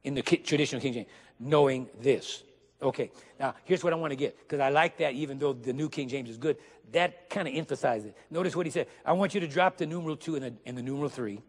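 A man preaching a sermon to a congregation, emphatic, repeating key phrases and slowly reading scripture aloud while asking the listeners questions. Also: medium pitch, slightly rough. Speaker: guest preacher. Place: church sanctuary. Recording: long hall reverb.

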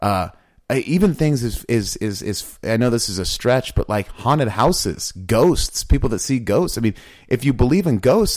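A man co-hosting a casual talk about faith, talking in animated, rambling bursts with many restarts. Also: mid-range voice, normal speed, no echo, clean studio sound. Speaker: podcast co-host.

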